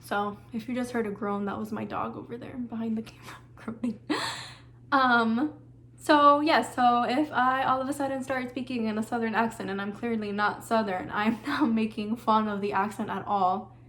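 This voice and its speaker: A woman's voice: a little high, fairly even intonation, moderate pace, a bit bright, slight background noise. A young woman chatting casually in her home kitchen as she hosts a cooking vlog, often drifting off on tangents. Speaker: vlogger.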